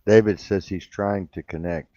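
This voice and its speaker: A man hosting a casual talk radio show, drawling and often pausing with uh. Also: deep voice, fairly even intonation, dark tone, dry recording. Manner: drawling, repeats himself, says uh often. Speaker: radio host. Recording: dull lo-fi sound.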